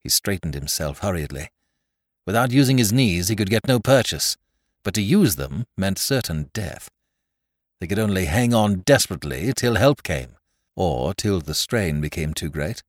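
Low-voiced, lively male audiobook narrator. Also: moderate pace, no echo, clean studio sound. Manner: lively dramatic reading.

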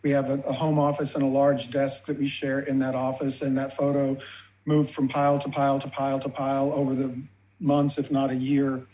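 Flat-voiced man, faint noise behind. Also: mid-range voice, a little fast, rough recording. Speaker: guest, photo collector. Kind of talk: interview conversation.

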